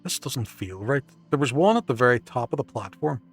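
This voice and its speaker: A man's voice: medium pitch, animated, a little fast, breathy edge. A man live-streaming a game, swearing often, joking with chat and reading it aloud.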